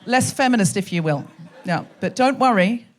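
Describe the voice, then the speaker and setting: A woman's voice: medium pitch, lively intonation, normal speed. A woman hosting a live comedy podcast on a hot theatre stage, chatting with and teasing the audience. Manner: chatty, teasing crowd work.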